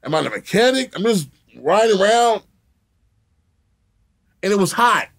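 Guy spinning a wild cussing story in an interview, high-ish voice, keeps laughing and doing the other voices. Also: sing-song, measured pace, creaky. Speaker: interview guest. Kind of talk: profane storytelling.

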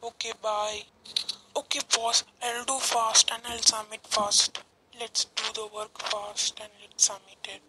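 A woman's voice: fairly high pitch, level tone, unhurried, noisy background. A woman who voices the office workers in a homemade cartoon, reading her lines plainly and simply. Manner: plain, simple line reading with short replies. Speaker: channel creator voicing the office workers.

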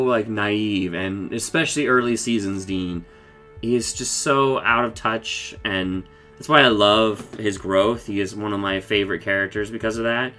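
A man giving a casual, rambling recap of a cartoon episode, excitable and full of swearing and fillers. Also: on the low side, normal speed, faint music behind. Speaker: show reviewer.

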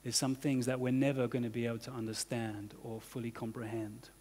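In a church hall, with reverb and slight background noise on the recording, a pastor preaches in a loose, chatty way full of "you know" and "kind of." His voice is mid-range and darkish, with little pitch movement, and he speaks a little fast.

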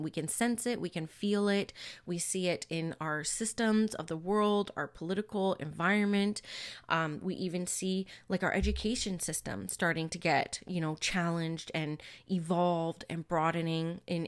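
A woman medium giving an earnest, emphatic spiritual teaching in a conversational way, sometimes swearing for emphasis. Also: fairly low pitch. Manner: casual, occasional swearing for emphasis.

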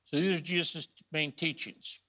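A man lecturing to a class in a bright, forceful voice. He drives points home by repeating key phrases and asking the room questions. He drops low for asides, then punches the big lines loudly. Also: fairly even intonation, normal speed. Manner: swings between quiet asides and loud emphasis. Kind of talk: recorded lecture.

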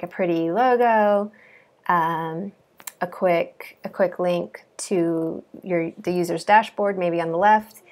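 Giggly woman rambling over her code. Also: lowish voice. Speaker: coding bootcamp student. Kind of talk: casual screen-share walkthrough.

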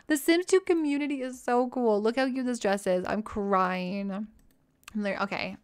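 A bubbly young woman streaming from home, chatting with her viewers in a fairly high voice. She gushes over things she likes and jumps from one thought to the next. Her talk is casual and personal, close on a desk mic. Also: a little slow, clean tone. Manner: bubbly, gushing, easily excited. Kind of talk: casual live-stream chat.

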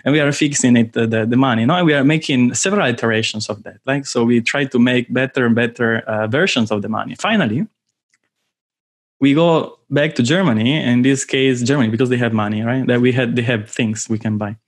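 A man with an Italian accent, from southern Italy, giving an informal online lecture with playful, animated storytelling. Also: mid-range voice, fairly quick.

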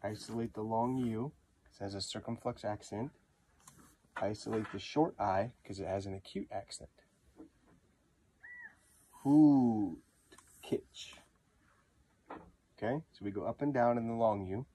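A man giving a patient pronunciation lesson, repeating words slowly to model how they sound. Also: lowish voice, dark tone, a little hiss or hum. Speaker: language teacher.

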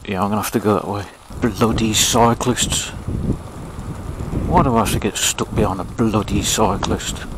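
A man's voice: on the low side, normal speed, background noise. An English man chatting as he rides along an old railway path, grumbling and joking at himself. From England. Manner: chatty, grumbling, self-mocking. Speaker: vlogger. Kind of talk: casual running commentary while riding.

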